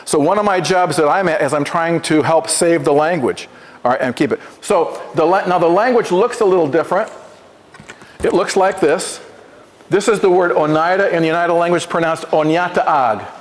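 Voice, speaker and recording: A man with a high voice gives a talk to a class, stumbling over restarts and asking the room to repeat after him. A long reverb trails behind him in the school hall. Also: normal speed. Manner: stammering restarts, questions to the class. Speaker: visiting Oneida presenter at a school. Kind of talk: classroom presentation with call-and-repeat.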